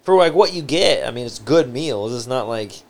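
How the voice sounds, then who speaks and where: A man's voice: medium pitch, lively intonation, moderate pace, creaky. A man co-hosting a podcast, trading crude jokes and teasing in casual conversation. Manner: blunt, joking, teasing. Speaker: podcast co-host.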